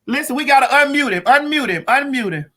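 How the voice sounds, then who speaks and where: A woman hosting a live-streamed comedy talk show, loud, brash and profane, hollering at her audience. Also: sits high, expressive, fairly quick. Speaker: host.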